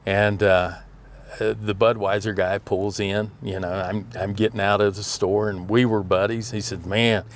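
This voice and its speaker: A man's voice: lowish voice, level tone, moderate pace, a little hiss or hum. A middle-aged man, telling rambling, folksy stories and often laughing. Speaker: storyteller. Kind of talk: casual storytelling.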